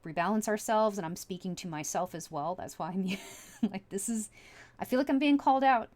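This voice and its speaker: This tarot reader talks fairly quickly in a mid-range, darkish voice. Sitting at home, she turns cards one by one and chats through them, musing aloud with plenty of likes and you-knows.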